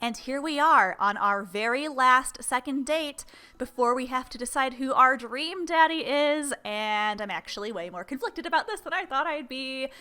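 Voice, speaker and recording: A woman's voice: high-pitched, lively intonation, moderate pace, bright, forceful tone, smooth. A young woman casually playing and reading a game aloud, making chatty, self-deprecating asides. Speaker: let's play host.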